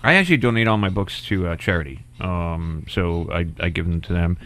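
A middle-aged man with a fairly low voice hosts a casual radio talk show. He rambles loosely, dropping fillers and quick asides between on-air announcements. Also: a bit bright.

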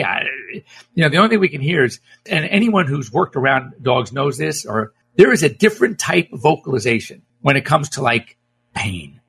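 A man's voice: medium pitch, sing-song, moderate pace, vocal fry, fairly bright tone. A middle-aged man, a veterinarian, hosting a casual radio talk show, rambling and chatty with frequent self-corrections.

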